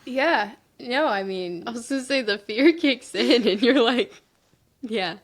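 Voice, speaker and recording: Giggly woman host, higher voice. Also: lively intonation. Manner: laughs often, quick supportive backchannel. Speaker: podcast host. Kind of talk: casual interview chat.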